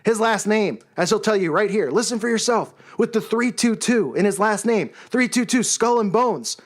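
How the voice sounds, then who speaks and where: A man hosting his own channel, delivering an angry, scornful rant, yelling and raising his voice. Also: high-pitched, animated, normal speed. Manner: yells and raises his voice, scornful. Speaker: channel host.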